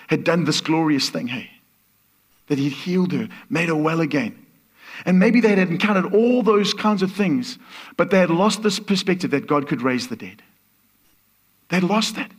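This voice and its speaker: Guest preacher, male, higher voice, storytelling sermon delivery. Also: fairly bright tone. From Portuguese. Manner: storytelling, acts out voices in quotes.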